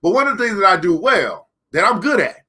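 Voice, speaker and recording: Male book club host, bright, high voice; emphatic, slow-repeating, sarcastic motivational talk. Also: very animated, husky. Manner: emphatic, repeats key lines slowly for effect; sarcastic, laughs between points. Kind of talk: live-streamed motivational book discussion.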